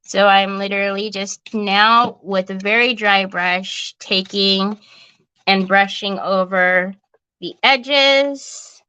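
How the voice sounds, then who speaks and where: Slow, bright-voiced woman crafting. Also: medium pitch, clear, resonant tone, lo-fi sound. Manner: chatty and self-mocking, often laughing. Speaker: craft livestream host. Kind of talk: casual chat while crafting on a livestream.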